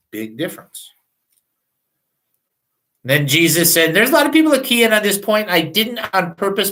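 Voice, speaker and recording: A man's voice: fairly high pitch, bright, forceful tone, poor audio. A man hosting a radio show, teaching from the Bible in a candid, self-deprecating, chatty way.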